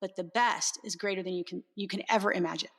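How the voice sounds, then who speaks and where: A woman's voice: on the low side, steady tone, fast talker, fairly bright tone. A middle-aged woman, a guest on an interview show, telling a candid personal story with earnest, emphatic repetition.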